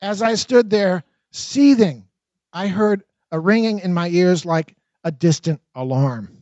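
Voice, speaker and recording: Man narrating own memoir, high voice, expressive, dry, dull lo-fi sound. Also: no room sound. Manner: expressive, dramatic reading with quick asides.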